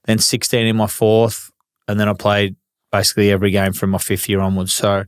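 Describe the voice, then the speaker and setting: Aussie ex-footballer guest, 40s, casual and crude, smooth resonant tone, dry close mic. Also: male voice, fairly low pitch, flat delivery, fairly quick, no echo. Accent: Australian. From Australia. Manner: laid-back, swears freely, acts out old arguments. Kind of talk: casual storytelling interview.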